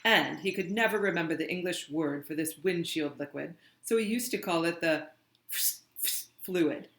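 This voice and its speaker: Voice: medium pitch, normal speed, a bit bright, close to an everyday voice. A reader voicing a tough, weary grown woman from abroad who answers in blunt, clipped lines. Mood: storytelling. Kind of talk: audiobook reading. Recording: roomy, echoey room.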